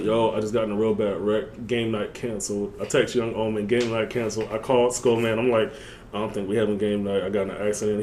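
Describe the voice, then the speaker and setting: Young man telling a story, slangy and animated. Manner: animated, jumps up in pitch when quoting himself; loose slangy talk with many fillers. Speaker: vlogger. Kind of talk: casual storytelling vlog.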